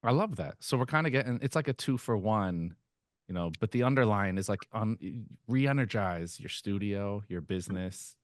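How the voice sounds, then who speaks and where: A man with a low voice hosts a live talk in an event space. He is upbeat and jokey, keeping the chat loose and informal. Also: animated, normal speed, no echo, clean studio sound. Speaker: event host.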